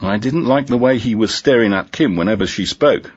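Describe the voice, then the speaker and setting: A man's voice: lowish voice, a little fast, slightly rough, dull audio, pitched above the performer's own voice. A man voicing an earnest, sometimes joking male police detective inspector in a crime story. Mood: reflective.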